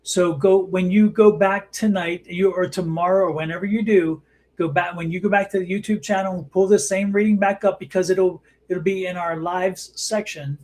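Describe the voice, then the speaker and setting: A man's voice: high-pitched, steady tone, moderate pace, a little mellow. A man hosting a live psychic and tarot show, explaining at length in a rambling way with many restarts. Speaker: host and tarot reader.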